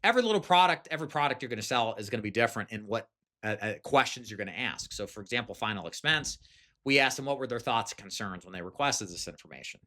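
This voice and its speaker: A man's voice: medium pitch, animated, fast, pushed and bright. A man giving a direct, conversational sales lesson, often checking in with "okay?". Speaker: sales trainer. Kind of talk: instructional talk.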